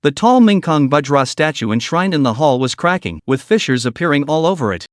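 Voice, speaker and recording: A man reads a fantasy recap in a dramatic, scripted storytelling style. His voice sits a little high for a man and swings widely in pitch, and the recording is dry and close. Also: very animated, fairly quick, no echo. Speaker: narrator. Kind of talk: scripted narration.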